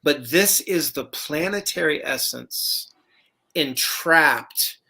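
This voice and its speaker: A man's voice: a little high, animated, slow pace, vocal fry, bright, forceful tone. A man co-hosting a casual comics podcast, talking in an expansive, lecturing way with spiritual analogies. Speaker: podcast co-host.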